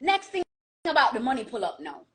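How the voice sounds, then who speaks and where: A woman's voice: high-pitched, wildly swooping pitch, fairly quick, a bit bright. A woman giving blunt dating advice in a casual monologue, lecturing and asking rhetorical questions.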